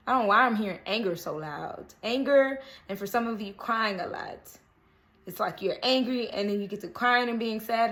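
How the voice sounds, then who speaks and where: A woman's voice: mid-range voice, a bit bright. A woman giving a casual daily horoscope tarot reading, chatty and earnest, often checking in with viewers with "okay?". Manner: earnest, coaxing. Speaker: tarot card reader.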